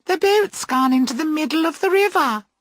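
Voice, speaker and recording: A man voicing giddy young women towing a boat in a storybook reading, in a high, shrill, excited voice. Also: slow pace, dry recording, studio quality, exaggerated voice.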